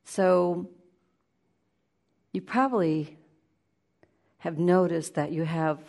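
A woman giving a spiritual talk, shifting between lively play-acting of inner voices and slow, hushed guidance. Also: fairly low pitch, creaky. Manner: animated, acts out inner voices with laughter; slows into soft, hushed guidance. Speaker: spiritual teacher.

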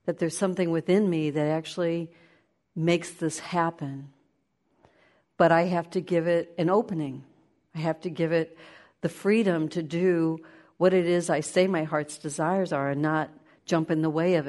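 A woman giving a spiritual talk, shifting between lively play-acting of inner voices and slow, hushed guidance. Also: sits low. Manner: animated, acts out inner voices with laughter; slows into soft, hushed guidance. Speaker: spiritual teacher.

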